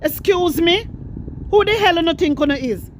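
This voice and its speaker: A woman's voice: very high voice, expressive, normal speed, slight background noise. A woman with a Jamaican accent giving impassioned political commentary, scolding and repeating herself as she speaks straight to her viewers. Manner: fiery, repetitive, scolding, addresses viewers directly.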